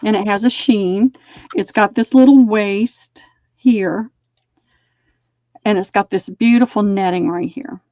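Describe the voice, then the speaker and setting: A woman with a Southern US accent hosts a live online sale, chatting casually as she describes fabric pieces aloud. Her medium-pitched voice is a little slow and dark in tone, with long pauses. The recording is muffled but has no echo.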